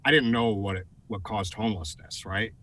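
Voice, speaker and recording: Middle-aged American man, bright and forceful voice, animated storyteller on a studio talk show. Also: fairly low pitch, normal speed. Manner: animated, raises voice for quoted lines. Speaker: guest, advertising executive. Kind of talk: storytelling in a TV interview.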